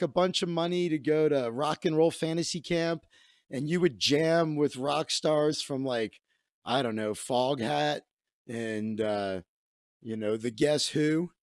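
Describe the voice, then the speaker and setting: A man's voice: fairly high pitch, vocal fry, no room sound, clean studio sound. A man hosting a comedy show, telling a rambling story in a casual monologue with asides and laughter. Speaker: comedian host.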